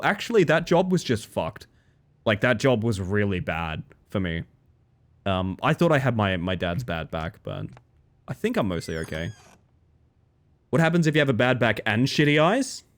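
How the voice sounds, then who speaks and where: A young man from Australia, a streamer talking casually with his chat, animated and swearing freely. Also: medium pitch.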